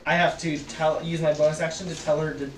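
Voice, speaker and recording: Aarzelende speelster legt regels uit. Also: female voice, sits low, flat delivery, far from the mic, background noise. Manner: halting, explains with fillers and restarts. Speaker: player. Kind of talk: explaining game rules. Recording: echoey room, voice from off-mic.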